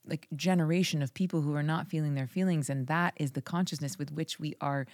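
A woman's voice: sits low, fairly even intonation, fairly quick, a little mellow, no room sound, clean studio sound. A woman hosting a podcast, chatting casually with her guest in an enthusiastic, affirming way. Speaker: podcast host. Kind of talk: casual interview chat.

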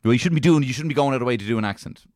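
A man's voice: mid-range voice, rapid-fire, darkish tone, dry recording, studio quality. A man co-hosting a comedy podcast, joking and rambling in casual chat. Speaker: podcast co-host.

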